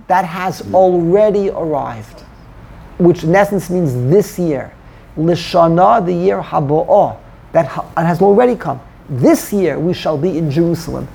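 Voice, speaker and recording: A man leads a Torah study class with a gravelly, husky voice. He explains the text, weaving Hebrew terms into his English. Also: high-pitched, animated, slow pace, mellow.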